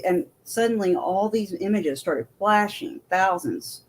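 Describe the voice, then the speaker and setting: A woman's voice: mid-range voice, lively intonation, unhurried. A woman, a military veteran, telling her story as an interview guest in a rambling way with many restarts.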